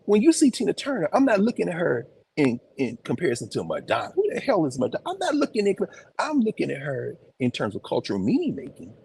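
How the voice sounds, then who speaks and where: A man giving an informal, animated lecture on location in a museum, talking conversationally with emphatic asides. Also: a little high, fast, vocal fry, breathy edge. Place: museum, indoors.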